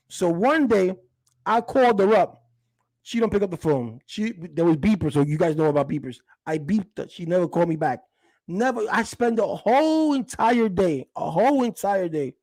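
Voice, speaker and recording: A man's voice: high voice, a little mellow, no echo. A middle-aged man, telling a personal story in a rambling, casual way with many restarts. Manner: rambling, with frequent restarts and quoted dialogue. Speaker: storyteller recounting a past relationship.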